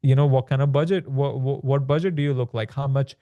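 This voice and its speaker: This podcast guest, a man who authors books on the land business, talks briskly in a warm, mid-range voice with fairly even intonation. His explanations are casual and full of "like" and "right?", though the recording is muffled, with no echo, in this conversational interview.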